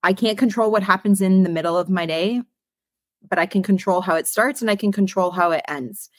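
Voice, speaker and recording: A woman's voice: medium pitch, a little fast, dry recording, clean studio sound. Emphatic motivational woman podcast host. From Greater Toronto Area, Canada. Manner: emphatic, motivational, swears casually. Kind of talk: casual conversational interview.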